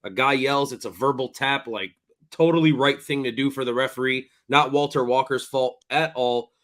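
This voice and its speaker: A man's voice: mid-range voice, normal speed, a bit bright. A man hosting a fight recap podcast, recounting the action at length in blunt, profane casual chat. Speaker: podcast host.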